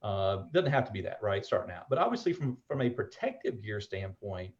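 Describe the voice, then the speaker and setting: A man's voice: fairly low pitch, very animated, brisk, lo-fi sound. A man in his forties talking on a call as a fatherly mentor about umpire gear, rambling with lots of fillers. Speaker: umpire equipment seller and mentor. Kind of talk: casual call-in chat.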